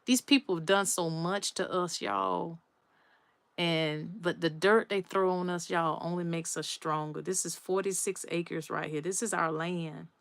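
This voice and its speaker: A woman's voice: lowish voice, fairly even intonation, unhurried, vocal fry, dry recording. A woman hosting a casual live stream, talking emphatically to her viewers and repeating her points. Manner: emphatic, repeats herself, addresses viewers as "y'all".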